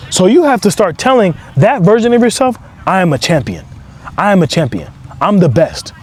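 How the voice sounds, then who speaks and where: Man, motivational speaker outdoors; slightly high-pitched, emphatic and repetitive. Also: very animated, normal speed, darkish tone. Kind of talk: motivational talk to camera.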